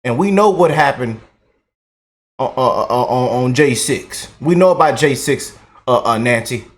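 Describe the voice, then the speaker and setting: A man's voice: mid-range voice, animated, a little slow. A man hosting a reaction commentary channel, talking in an emphatic, mocking way.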